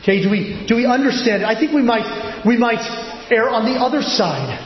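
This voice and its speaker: A man preaching a sermon, animated and pressing his points with rhetorical questions. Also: very high voice, brisk. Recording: echoey hall, dull lo-fi sound with faint noise.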